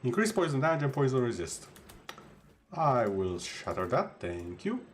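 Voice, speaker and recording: A man's voice: medium pitch, very animated, normal speed, slight background noise. A man streaming a game, giving casual, rambling commentary with jokey asides to his chat.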